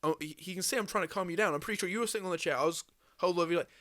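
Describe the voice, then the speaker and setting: Animated young Englishman with a higher voice. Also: rapid-fire. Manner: animated storyteller, swears a lot, acts out voices. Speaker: podcast host. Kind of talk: casual chat.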